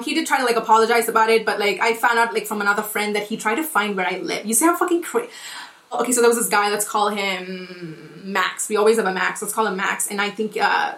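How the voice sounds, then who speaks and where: Fast-talking young woman, casual podcast rant. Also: medium pitch, a bit bright, roomy sound, low-quality recording. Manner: rambling, swears a lot, many restarts and "like". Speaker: podcast host. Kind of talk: casual storytelling monologue.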